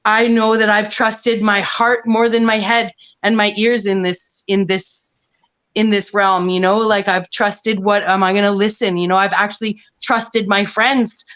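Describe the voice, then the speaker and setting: A woman's voice: medium pitch, level tone, a little slow, a bit bright. A woman talking casually on an online panel, rambling with many restarts and frequent laughs. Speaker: panel guest.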